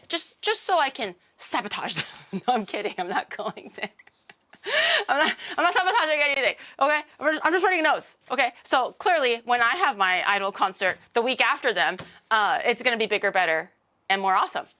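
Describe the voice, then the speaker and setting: Bright, rambling woman streamer. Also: medium pitch. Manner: rambling, joking, self-mocking; sarcastic and blunt. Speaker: VTuber streamer. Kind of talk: casual stream chat.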